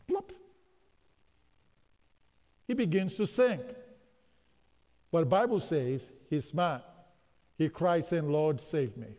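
Slow preaching man in a reverberant hall. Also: high voice, a little mellow. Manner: call-and-response preaching, repeating phrases for emphasis. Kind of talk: sermon.

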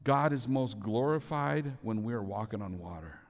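A man preaching a sermon as pastor, earnest, often dropping to soft low tones for emphasis. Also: expressive, unhurried. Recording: long reverb of a large hall.

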